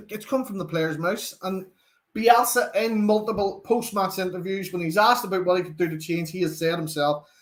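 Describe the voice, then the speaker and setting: Young Northern Irish male host, lively fan chat, higher-pitched delivery. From Northern Ireland. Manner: chatty, animated, reads out viewer comments. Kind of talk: live football watchalong chat.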